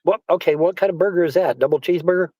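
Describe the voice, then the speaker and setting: A man's voice: sits high, rapid-fire, darkish tone, no room sound, rough recording. Casting: man, casual stream guest, rambling and profane, repeats lines, dry close sound. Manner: rambling, repeats himself, swears. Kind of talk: casual chat.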